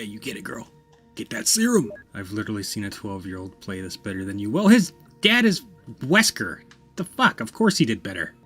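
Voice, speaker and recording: A man hosting a let's play, commenting on the game with loud, profane reactions and self-mocking jokes. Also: lowish voice. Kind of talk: gameplay commentary.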